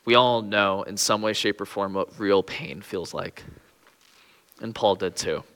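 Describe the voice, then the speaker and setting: A man's voice: on the low side, unhurried, fairly bright tone, in a large hall. A young man preaching a sermon with earnest, pleading emphasis on key phrases.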